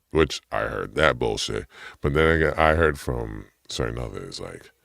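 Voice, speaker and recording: A man's voice: normal speed, a bit bright, no room sound, studio quality. A man delivering a heated, profane personal rant; his voice climbs sharply when he gets indignant. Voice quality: gravelly low voice.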